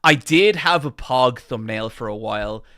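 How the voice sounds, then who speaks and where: A man's voice: medium pitch, animated, moderate pace, pushed and bright, no room sound, clean studio sound. A man with an Irish accent chatting on a live stream into a microphone. He projects his voice and rambles with many fillers. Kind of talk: casual chat on a live stream.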